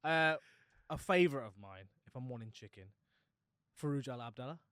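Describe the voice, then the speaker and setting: A man co-hosting a podcast in casual chat, relaxed and quick to chime in with agreement. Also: mid-range voice, smooth, no echo, clean studio sound. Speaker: podcast co-host.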